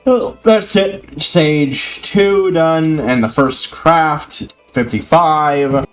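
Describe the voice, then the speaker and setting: Brief: foul-mouthed game streamer, slightly high voice, light music underneath. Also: male voice, very slow. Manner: swears freely, reads quest text aloud. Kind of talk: casual gameplay commentary.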